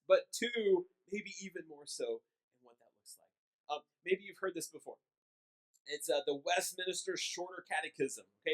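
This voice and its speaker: A man with a high voice preaches a conversational sermon in church. He talks informally, cracks small jokes and often restarts his sentences. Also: fairly bright tone, rough recording. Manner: informal and joking, with repeated restarts. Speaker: pastor.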